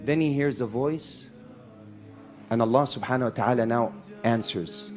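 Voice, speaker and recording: A man preaching a live sermon in an animated way, calling on the audience. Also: medium pitch, moderate pace, faint music behind.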